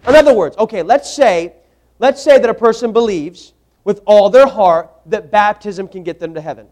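A man's voice: high voice, moderate pace, darkish tone. A man preaching a sermon, emphatic, repeating words for stress and putting questions to the congregation.

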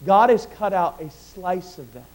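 A middle-aged man delivers a sermon in a high-pitched voice at a moderate pace, alternating between loud, forceful proclamations and soft, personal anecdotes. He frequently repeats and restarts phrases, and the recording quality is rough.

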